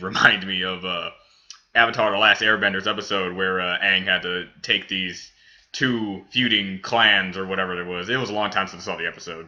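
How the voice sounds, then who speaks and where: A man's voice: deep voice, bright, forceful tone, dull audio. A man hosting a reaction video, reviewing a cartoon episode in a rambling, casual way with many restarts. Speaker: reaction channel host.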